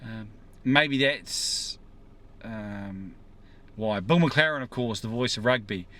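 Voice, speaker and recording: A man's voice: fairly low pitch, slow pace, pushed and bright. Man, casual vlogger, rambling musing monologue, parked car by the roadside. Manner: musing, rambling, asks viewers questions.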